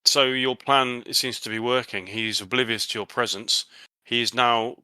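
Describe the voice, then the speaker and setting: A man narrating a tabletop horror game as game master, halting often with fillers and restarts. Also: medium pitch, fairly even intonation, sharp tone, clear, resonant tone, no echo, low-quality recording.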